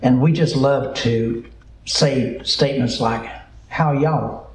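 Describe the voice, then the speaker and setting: Southern pastor, mid-pitched, unhurried drawl, echoey sanctuary with light background hum. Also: male voice, steady tone, darkish tone. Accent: Southern American. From American South. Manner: slow, deliberate preaching with a drawl and repeated phrases. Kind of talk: sermon.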